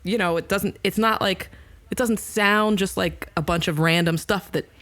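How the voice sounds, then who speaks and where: A woman's voice: mid-range voice, steady tone, moderate pace, fairly bright tone. A woman guest on a podcast, chatting over a video call, rambling with lots of fillers and frequent giggles. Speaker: guest musician. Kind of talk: casual interview chat.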